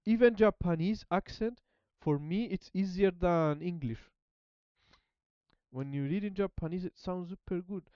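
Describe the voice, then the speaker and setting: A man chatting casually as a language-learning streamer, halting and repeating words while he searches for them. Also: high voice, smooth, dry recording, muffled recording. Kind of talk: casual rambling chat.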